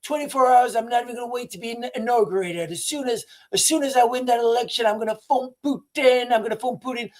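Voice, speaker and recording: A man's voice: very high-pitched, fast talker, few pauses, a little mellow. A man imitating a boastful American politician who repeats bragging promises. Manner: bragging, repetitive slogans. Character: boastful male American politician, self-assured.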